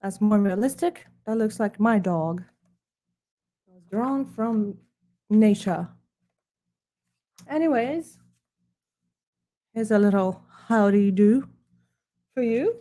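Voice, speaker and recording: A woman from Ukraine hosts a mock-snobbish book preview in a put-on British accent, in a slow, unhurried cadence. Her voice sits a little high yet sounds mellow and soft. Her delivery stays dry and sarcastic. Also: lively intonation. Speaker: host reviewing her art books.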